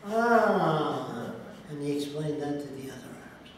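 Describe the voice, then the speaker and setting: Brief: plainspoken storyteller man, fairly high voice, distant mic in a roomy space. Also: flat delivery, quick pace, dark tone, slight background noise. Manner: plainspoken, punchy, acts out the people he quotes. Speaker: speaker answering a question. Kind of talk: anecdotal storytelling. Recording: echoey room, far from mic.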